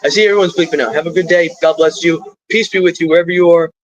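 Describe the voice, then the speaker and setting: A man's voice: on the high side, steady tone, quick pace, no echo, dull audio. A middle-aged man talking to his live stream in a rambling, stream-of-consciousness way, drifting into spiritual asides.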